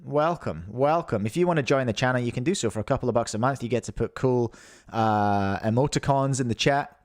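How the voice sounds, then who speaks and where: A man's voice: medium pitch, a little fast. Chatty New Zealand man hosting a live stream. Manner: chatty, jokey, reads out chat names. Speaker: podcast host. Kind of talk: casual live-stream chat.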